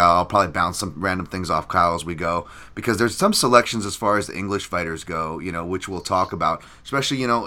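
A man hosts a loose sports chat, his voice low-set yet bright and forward. He rambles through fillers and restarts, chatting in a self-deprecating way. The talk runs casual and unscripted. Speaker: podcast host.

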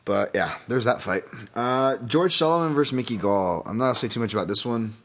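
A man's voice: medium pitch, lively intonation, fairly quick, fairly bright tone. A man hosting a casual solo podcast, breaking down fights in a rambling, self-deprecating way with many fillers and restarts. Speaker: podcast host, fight analyst.

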